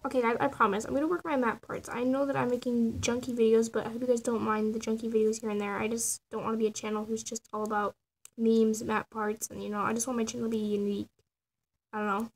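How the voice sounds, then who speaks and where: Showing off her animation process on her own channel, this teenage girl rambles casually, laughs, and pokes fun at her drawings in a self-mocking tutorial. Her voice is a woman's, fairly high-pitched and steady in tone, at a moderate pace.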